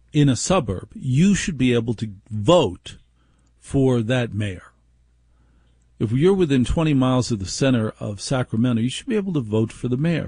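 A man's voice: mid-range voice, vocal fry, mellow, slightly rough, dry recording, studio quality. A man hosting a call-in radio talk show, chatty and self-mocking.

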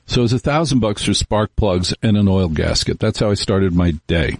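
A middle-aged male radio host with a low, slightly husky voice, rambling casually through wry anecdotes into a studio microphone. The sound is dry and close, with no room around it. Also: moderate pace, hardly any pauses, darkish tone, no room sound. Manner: rambling, wry, storytelling with acted-out quotes. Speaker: radio talk show host.

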